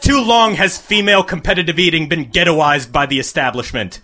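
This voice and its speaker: A man voicing a proud, defiant woman who yells her victory speech into a microphone. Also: a little high, brisk, noisy background, natural voice. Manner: proud, yelling into a mic. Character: defiant woman champion eater.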